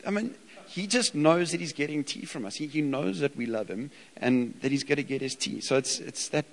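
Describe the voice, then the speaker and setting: A man in his thirties delivers a sermon in a relaxed, chatty manner rather than a formal pulpit tone. He speaks at a middling pitch, often stumbling over his words and restarting sentences. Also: rough recording. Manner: informal, frequent "like", restarts. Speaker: preacher. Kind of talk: conversational sermon.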